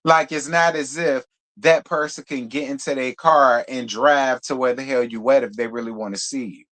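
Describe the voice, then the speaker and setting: A man hosting a live reality TV review in casual commentary, sassy and blunt, with profane, animated asides. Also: medium pitch, normal speed.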